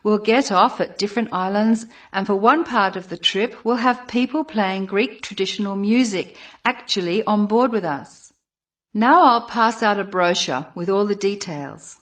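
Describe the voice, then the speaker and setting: A woman's voice: mid-range voice, normal speed, natural voice. A woman playing an upbeat trip organizer. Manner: upbeat, announcing. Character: enthusiastic female trip organizer. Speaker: trip organizer making announcements. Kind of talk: scripted exam monologue.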